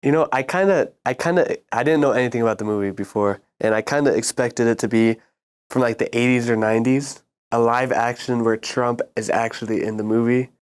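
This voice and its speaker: A man's voice: medium pitch, a little fast, smooth. A young man in casual chat, summarizing in a rambling, laid-back way with lots of fillers. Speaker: student show panelist.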